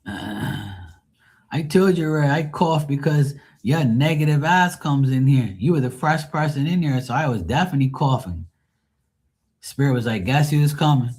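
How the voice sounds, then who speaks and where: A man's voice: mid-range voice, lively intonation, moderate pace, darkish tone. A man hosting a live tarot stream, chatting casually with viewers in a blunt, profane, rambling way. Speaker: tarot reader and livestream host. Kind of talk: casual livestream chat with viewers.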